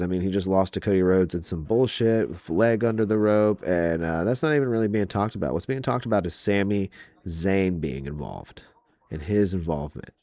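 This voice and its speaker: A man's voice: low voice, darkish tone, dry recording. A man hosting a wrestling podcast, ranting about match predictions in a profane, exasperated way.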